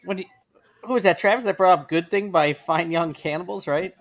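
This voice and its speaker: A woman chatting casually during a live movie watch-along, quick to laugh. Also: fairly low pitch.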